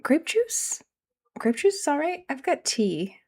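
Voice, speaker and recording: In a high, sing-song, mellow voice at an ordinary pace, this woman from Canada, who has a regional Canadian accent, chats loosely with her stream while building in a game, self-deprecating and meandering.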